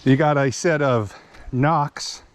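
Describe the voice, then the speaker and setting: A hiking vlogger speaks at a mid-range pitch and takes his time, with a bit of hiss or hum in the recording. Out on a wooded trail and a little breathless, he talks chattily about the path and gives simple explanations of his gear.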